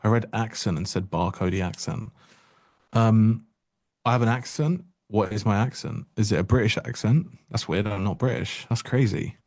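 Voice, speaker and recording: A man's voice: fairly low pitch, moderate pace, darkish tone, no echo. A man giving casual live-stream trading commentary, joking wryly and answering chat aloud into a close mic.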